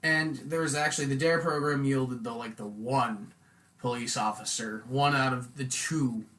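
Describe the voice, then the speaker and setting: Laid-back male host, crisp bright tone, loose storyteller. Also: medium pitch, moderate pace. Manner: relaxed storytelling, loose with fillers like "like". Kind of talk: casual chat.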